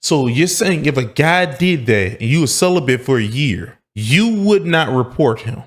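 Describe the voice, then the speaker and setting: A man's voice: medium pitch, expressive, normal speed. A man hosting a casual reaction commentary, cracking jokes and sounding incredulous as he reacts. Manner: joking, incredulous asides. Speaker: commentary host.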